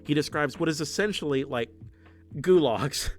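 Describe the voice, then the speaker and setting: A man's voice: on the high side, normal speed, faint music behind. A man doing livestream political commentary, reading chat as he goes, heated and profane, often restarting his sentences. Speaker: political streamer.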